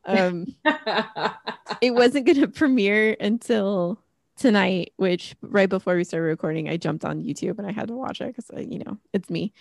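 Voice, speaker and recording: A woman's voice: mid-range voice, normal speed, vocal fry, darkish tone, dry recording, studio quality. A middle-aged woman co-hosting a podcast, chatting casually and rambling with lots of fillers. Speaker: podcast co-host. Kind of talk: casual chat.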